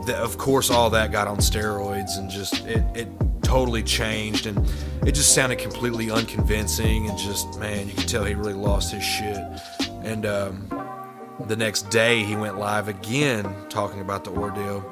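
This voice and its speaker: A man's voice: fairly low pitch, level tone, moderate pace, over loud music. A man hosting a reaction video, giving sarcastic, profane commentary on clips. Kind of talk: mocking commentary over clips.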